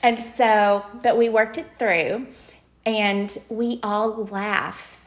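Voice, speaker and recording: A woman with an Alabama accent, co-hosting a parenting podcast and telling a personal story in a lively, self-mocking way. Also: mid-range voice, very slow. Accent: Southern US, Alabama. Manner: animated storyteller, laughs at herself. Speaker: podcast co-host. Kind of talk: casual chat, personal story.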